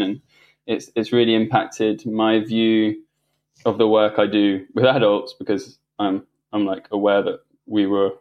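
A man with a fairly low voice, a guest on a podcast, recounting a personal story in a relaxed conversation. He talks in an animated, reflective way, often restarting sentences and laughing as he goes. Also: dull audio.

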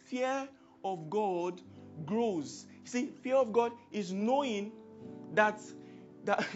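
A man with a Nigerian accent preaching a sermon, swinging from hushed, quiet passages to loud, emphatic outbursts. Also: sits high, muffled recording.

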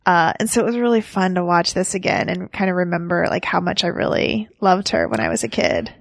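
A woman in her thirties talks movies with a friend on a podcast, her voice carrying a light gravelly fry. She rambles happily, laughs a lot and restarts her sentences. The recording is dry and close. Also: on the low side, fairly quick, dry recording. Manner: chatty, laughs often, trails off and restarts. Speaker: podcast co-host. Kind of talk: casual movie chat.

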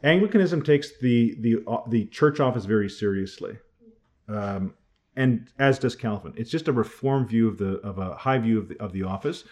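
A man's voice: medium pitch, darkish tone. A man teaching a class on church doctrine in a conversational way, thinking aloud and often restarting his sentences.

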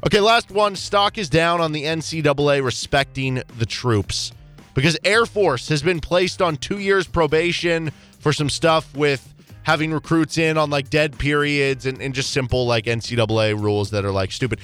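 A man co-hosting a casual sports talk show, chatty and animated as he tells stories. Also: fairly high pitch, moderate pace, smooth, faint music behind. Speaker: radio co-host.

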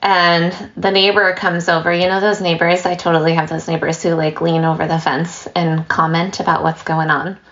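A woman giving a dharma talk as a meditation teacher, relaxed and storytelling, with light laughs and asides. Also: fairly low pitch, moderate pace, few pauses, muffled recording.

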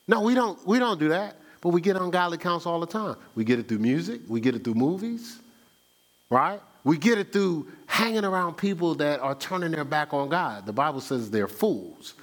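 A man preaching a sermon, firing rhetorical questions at the congregation and reading scripture aloud. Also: fairly high pitch. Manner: animated preaching with rhetorical questions and call-and-response; reads scripture aloud in a slow cadence. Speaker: pastor.

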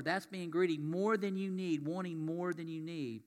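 A man's voice: high-pitched, moderate pace, few pauses, in a large hall. A man preaching a sermon, chatty and folksy, mixing scripture reading with stories. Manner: folksy, conversational, reads scripture aloud. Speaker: pastor. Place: church sanctuary.

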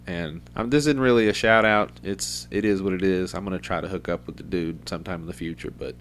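A man's voice: on the low side, a bit bright. A middle-aged man hosting a podcast, rambling in a loose, profane, casual way. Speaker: podcast host.

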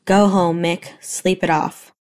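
A woman's voice: on the low side, steady tone, slow pace, darkish tone. Woman reading as stern police chief Hopper. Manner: firm, clipped and stern. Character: gruff middle-aged male police chief.

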